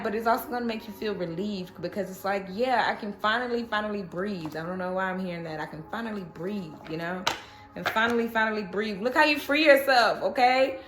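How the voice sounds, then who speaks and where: A woman's voice: on the high side, fairly bright tone, echoey room. A woman giving a casual tarot reading, chatty and reassuring, often checking in with "okay?". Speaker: tarot reader.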